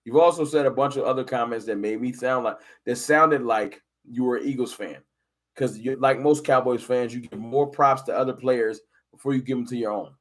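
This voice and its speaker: A man hosting a casual fan live stream, talking football and arguing with chat viewers in an animated, combative way. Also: mid-range voice, a little fast. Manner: animated, argumentative, addresses chat viewers directly.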